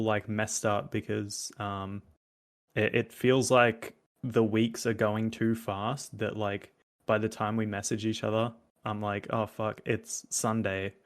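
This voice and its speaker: A young man with a lowish voice co-hosting a casual podcast. He tells stories in a loose, easygoing way and laughs often. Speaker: podcast co-host. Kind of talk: casual chat.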